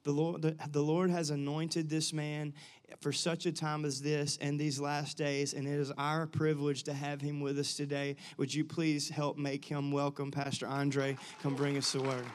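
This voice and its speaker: A man in his thirties pastors a church and speaks with a slightly high voice. He stays loose and chatty, rambling a little and poking fun at himself. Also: monotone, moderate pace. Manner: casual, rambling, self-deprecating. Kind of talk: church announcements and guest introduction. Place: church sanctuary.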